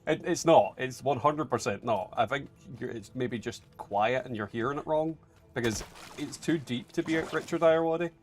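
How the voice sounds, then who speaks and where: A man's voice: medium pitch, moderate pace. A man with a Scottish accent, casually chatting and swearing while streaming a game and answering viewer chat. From Scotland. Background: game music.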